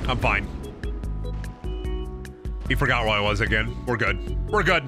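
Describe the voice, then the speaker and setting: A man streaming a video game, giving crude, joking, excitable commentary. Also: lowish voice, a little slow, over music. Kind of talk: casual gaming commentary.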